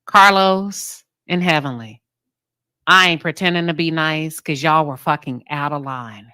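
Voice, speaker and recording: Defiant low-voiced woman, bright tone. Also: a little slow, clean tone, no room sound, studio quality. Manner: defiant, profane, emphatic. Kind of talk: fiery live-stream address.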